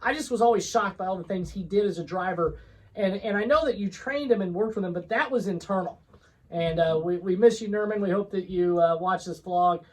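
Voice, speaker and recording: A man's high-pitched, brisk voice comes through a rough recording as he co-hosts a relaxed vlog conversation. He rambles through work stories, restarting often and filling gaps with ums.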